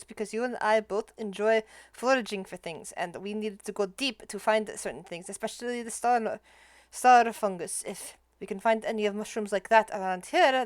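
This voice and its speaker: A woman's voice: medium pitch, no room sound. A woman playing a tabletop game, speaking in and out of character and stammering on restarts. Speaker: player.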